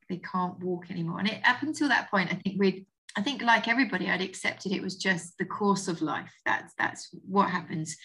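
A woman's voice: medium pitch, sharp tone, rough recording. A woman in her forties with an Essex accent, a vet talking through a story in a chatty, emotional way on a podcast. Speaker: guest vet. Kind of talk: podcast interview.

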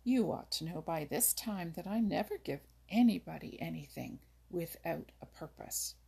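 A woman reading aloud voices Old Mother Nature, a wise, kindly but firm old woman who teaches the woodland animals patiently and can turn sharp. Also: on the low side, expressive, normal speed, heavily acted. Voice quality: husky, creaky. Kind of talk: storybook reading.

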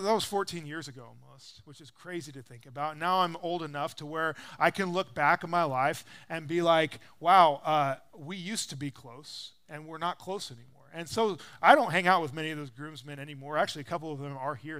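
A man in his thirties preaches in a relaxed, conversational way, his voice sitting fairly high for a man. The tone is smooth and resonant. He leans into his stories and acts out the quotes with lively emphasis. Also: brisk. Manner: animated storyteller, acts out quotes with rising pitch and volume. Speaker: pastor. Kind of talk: casual conversational sermon.

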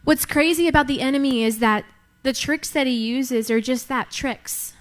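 A woman's voice: sits high, moderate pace. A young woman preaching a sermon, emphatic, repeating key lines for effect.

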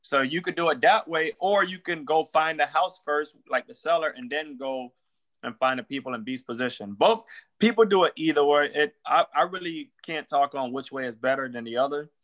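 A man's voice: fairly high pitch, normal speed, a bit bright. Regular guy talking real estate wholesaling, super casual slang, acts out calls as he goes. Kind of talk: casual podcast conversation.

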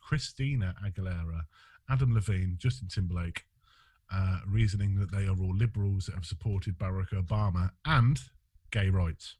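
A man's voice: low-pitched, normal speed, mellow. A man hosting a podcast in casual chat, sweary, laughing often and trailing off mid-sentence. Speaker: podcast host.

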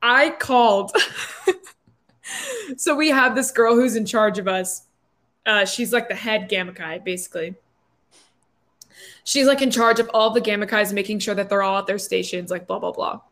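A young woman in her twenties, telling a story in a casual chat with lots of fillers. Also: mid-range voice. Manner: animated, quick storytelling with many fillers.

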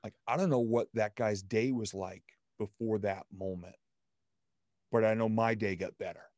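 Upbeat man telling stories, low voice. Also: normal speed, no echo, studio quality. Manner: upbeat, animated storyteller. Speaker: podcast guest. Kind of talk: conversational storytelling.

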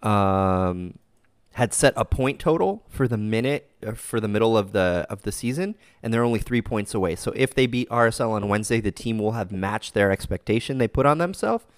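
A man with a low, smooth voice hosts a relaxed soccer fan podcast, rambling along with fillers and laughs. The sound is dry and close. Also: a little fast, dry recording. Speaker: podcast host. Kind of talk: casual fan podcast chat.

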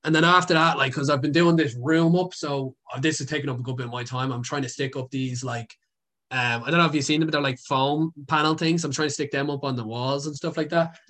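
Rambling young Irish man, slightly high voice. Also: steady tone, fast talker, a bit bright. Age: young adult. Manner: rambling, lots of fillers and swearing. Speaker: guest, content creator. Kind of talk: casual storytelling.

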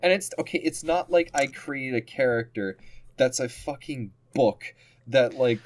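A man's voice: medium pitch, unhurried, a little hiss or hum. A young man on a casual podcast chat, telling a game story with a lot of laughing and casual swearing. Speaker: podcast co-host.

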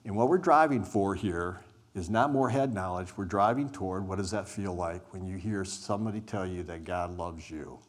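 A man with a very low voice guides a group through a spoken exercise. He talks deliberately, stressing key words and letting pauses sit. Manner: deliberate, emphatic, with weighted pauses; says he is an introvert. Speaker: group workshop leader.

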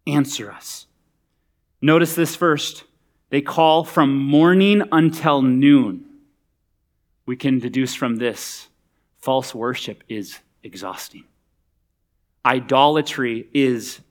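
A man's voice: a little high, fairly bright tone. A man preaching a sermon in a conversational, humorous, emphatic way. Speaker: pastor.

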